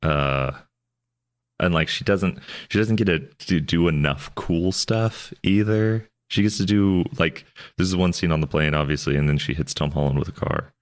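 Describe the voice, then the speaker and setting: On a podcast, a male co-host talks loosely about a movie, joking around, wandering off topic, and cutting himself off to start over. He speaks in a low-pitched voice at a moderate pace.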